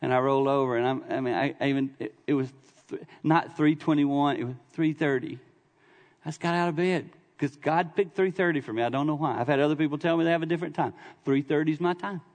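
Preaching in a church sanctuary, this middle-aged guest minister speaks quickly in a somewhat high, darkish voice with fairly even intonation. He tells humorous, conversational stories punctuated by sudden emphatic bursts, all carried on a long church reverb.

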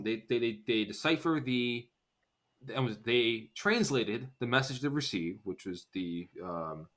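A man co-hosting a podcast in casual chat, rambling through an episode recap and acting out characters' lines in quick bursts. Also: medium pitch, fairly bright tone. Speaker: podcast co-host.

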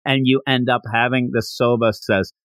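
A man hosting a podcast, recapping a comic in animated casual storytelling. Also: mid-range voice, normal speed, dry recording. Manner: animated storytelling, slipping into character voices. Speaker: podcast host.

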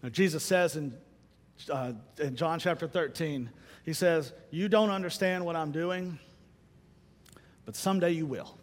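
A middle-aged man giving a church sermon, telling a personal story in an animated way and acting out the people he quotes. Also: on the high side, unhurried, long pauses, in a large hall. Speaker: speaker giving a church message.

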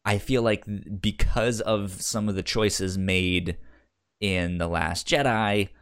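A man's voice: fairly low pitch, fairly even intonation, a bit bright, clear, resonant tone. A man co-hosting a casual podcast chat, stumbling through restarts and fillers, with the hiccups. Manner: halting, many restarts and fillers. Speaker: podcast co-host.

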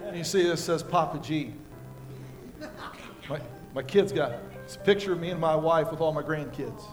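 An older American pastor preaches in a high-pitched voice, telling homey stories and moving from hushed moments to loud peaks. Music plays clearly behind his sermon. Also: normal speed. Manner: folksy storytelling with props, swinging from quiet to loud.

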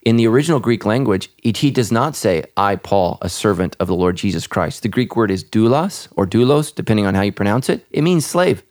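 Earnest pastor, lowish voice. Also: male voice, lively intonation, fast, few pauses, darkish tone. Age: adult with children. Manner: earnest, repeats words and restarts often. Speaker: pastor and podcast host. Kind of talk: casual podcast conversation.

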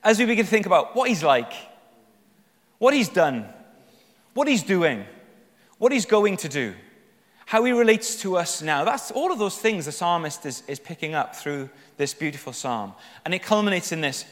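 A man preaching a sermon, reading psalms aloud and speaking emphatically, lifting his voice with passion at the high points. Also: very animated, normal speed. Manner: emphatic, rising with passion when voicing the psalmist. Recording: long hall reverb.

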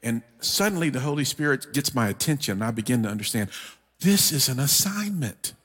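A man preaching a sermon, telling a story with humor and lively energy. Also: medium pitch, a little fast, breathy edge. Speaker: guest preacher. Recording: long hall reverb from church.

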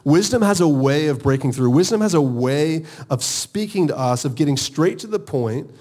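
With a fairly high-pitched voice at normal speed, a married adult pastor delivers a lively sermon. He keeps urging the congregation to respond aloud.

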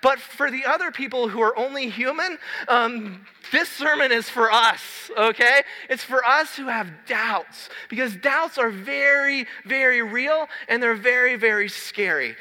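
A man in his thirties preaching a sermon in a large church hall, telling a story in a lively, conversational way. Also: extremely high pitch, a little slow, hardly any pauses. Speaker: pastor. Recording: long hall reverb.

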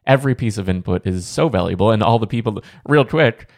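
A man's voice: on the low side, animated, brisk, darkish tone. A man co-hosting a podcast, chatting in a laid-back way and often agreeing with his partner. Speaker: podcast co-host. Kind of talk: casual chat.

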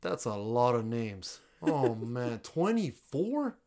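A man's voice: a little high, expressive, moderate pace. A young man in casual chat, laid-back with dry, teasing remarks. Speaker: co-host.

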